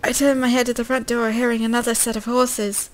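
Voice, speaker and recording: A woman's voice: on the high side, little pitch movement, fairly quick, slight background noise, rough recording. A young woman reading a story game aloud in a casual way, breaking off with swearing, jokes and coughs.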